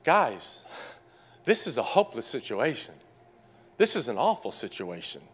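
A man preaching a sermon to his congregation, swinging from loud, animated calls to quiet, hushed pleading. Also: medium pitch, unhurried, slightly rough. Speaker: pastor.

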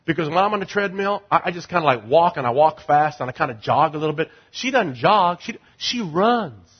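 A middle-aged male pastor preaching a sermon, animated, moving between quiet conversational asides and loud, rising declarations. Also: on the high side, a little fast, husky, dull audio.

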